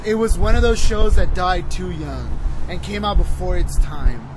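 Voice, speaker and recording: Higher-voiced man rambling profanely outdoors. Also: moderate pace. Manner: rambling, profane, lots of "you know" fillers. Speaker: podcast co-host. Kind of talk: casual chat, show recommendation. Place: outdoors near traffic. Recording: wind noise and clipping outdoors.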